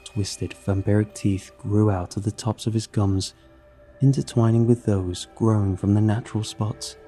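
A man narrating a horror story in a measured, grim storytelling manner. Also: fairly low pitch, mellow. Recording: narration with faint music underneath.

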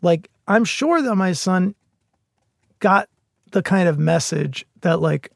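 A middle-aged man talking in a casual podcast conversation, earnest and halting, with frequent restarts. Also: high voice, animated, gravelly, no room sound, studio quality. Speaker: podcast guest.

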